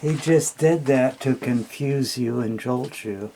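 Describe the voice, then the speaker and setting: A man's voice: mid-range voice, takes it slowly, gravelly, dark tone, a little hiss or hum. A man tutoring English, reading a text aloud and explaining it in a patient, plainspoken way with frequent fillers.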